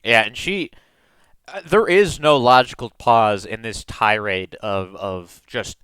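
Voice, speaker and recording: Guy gm narrating a tabletop game, bright clear voice, lots of uhs and likes. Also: on the low side, takes it slowly, no room sound, poor audio. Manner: casual, many "uh" and "like" fillers. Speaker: game master.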